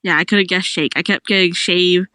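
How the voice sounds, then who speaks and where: A woman's voice: lowish voice, steady tone, moderate pace, sharp tone, smooth, dry recording, soft background music. Woman, casual friend chat, dry recording, chatty and giggly. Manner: chatty, laughs often between lines.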